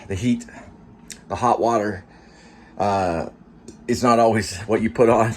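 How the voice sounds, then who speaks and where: A man's voice: on the low side, steady tone, unhurried, darkish tone, a little hiss or hum. A man, an actor and vlogger, chatting in a rambling, casual way and drifting from one topic to the next. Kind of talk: casual vlog chat.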